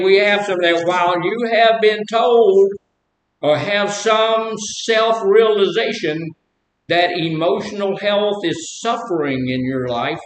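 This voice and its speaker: A male addiction counselor with a slightly higher voice leads a recovery group in an informal, conversational talk, asking the group questions and telling personal stories with humor and jokes. The room is echoey, with a faint rumble underneath.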